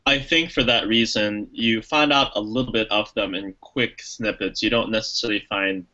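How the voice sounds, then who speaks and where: A man co-hosting a casual podcast, talking through a film in long rambling stretches full of restarts and fillers. His voice is bright and forceful, and he slips into little acted quotes along the way. The recording sounds a bit dull and lo-fi. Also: lowish voice, steady tone, normal speed. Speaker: podcast co-host. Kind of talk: casual movie review chat.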